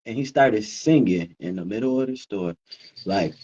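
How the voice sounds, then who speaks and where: A man co-hosting a casual chat show, telling stories in a relaxed way with lots of fillers and laughs. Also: medium pitch, unhurried, husky, dull audio. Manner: relaxed storytelling, laughs often, many fillers. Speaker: co-host.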